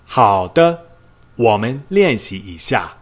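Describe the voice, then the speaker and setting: A man teaching a recorded pre-class lesson, modelling each phrase slowly and repeating it for learners. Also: fairly low pitch, very animated. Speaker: language teacher. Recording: roomy echo.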